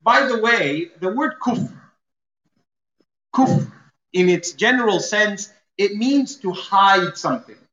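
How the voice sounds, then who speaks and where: A man's voice: sits high, animated, slow, long pauses, bright, forceful tone. Man preaching in a roomy hall. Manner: explains Arabic terms, acts out everyday scenes. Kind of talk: sermon. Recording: roomy, slightly dull sound.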